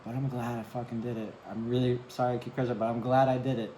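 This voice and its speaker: Man, tarot reader, casual and chatty, mid-pitched voice, roomy sound. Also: flat delivery, fast, warm tone, a little hiss or hum. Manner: chatty, keeps asking "right?", curses and apologizes. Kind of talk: casual tarot reading to camera.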